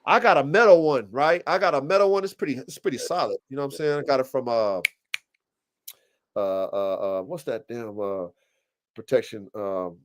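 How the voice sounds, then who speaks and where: A man's voice: mid-range voice, moderate pace, slight background noise. A man hosting a casual livestream podcast, telling rambling, profane stories with lots of energy. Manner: profane, rambling, animated storytelling. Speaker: podcast host.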